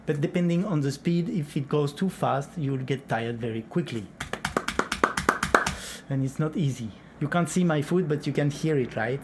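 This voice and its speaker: A man explaining flamenco clapping in a patient tutorial, counting and chanting the beats as he goes. His voice sits a little high for a man. A clear hiss of noise runs under the recording. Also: moderate pace. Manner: counts beats aloud and sings syllables. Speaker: flamenco rhythm teacher.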